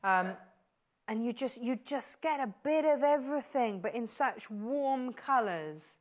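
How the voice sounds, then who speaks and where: A woman presenting on a shopping channel, giving a live on-air sales pitch in a gushing, enthusiastic way that keeps repeating words of praise. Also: lively intonation, measured pace. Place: TV studio.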